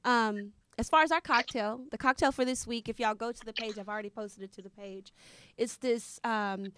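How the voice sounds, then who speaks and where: A woman co-hosting a casual podcast, chatty and quick to laugh, talking straight to her listeners. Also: on the high side, a bit bright, clean tone. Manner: chatty, laughs easily, addresses listeners as y'all. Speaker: podcast co-host. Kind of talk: casual chat. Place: Houston.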